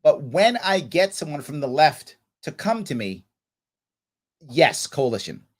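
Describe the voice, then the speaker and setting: A man with a slightly high voice hosts a casual livestream Q&A, answering viewer questions at a measured pace with big pitch swings. He tells stories animatedly and acts out other people's voices.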